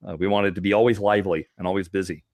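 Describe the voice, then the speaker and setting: A man's voice: deep voice, racing, no echo, studio quality. A man co-hosting a podcast, telling old stories in a loose, laughing way with many restarts. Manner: animated storyteller, laughs often, many restarts. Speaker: podcast co-host. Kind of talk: casual reminiscing chat.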